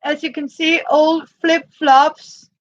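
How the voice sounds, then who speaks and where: A Danish-native woman casually shows her handmade boots and materials, speaking halting, hesitant English with many pauses as she searches for words. Her voice is high-pitched and flat. The lo-fi recording has no room sound.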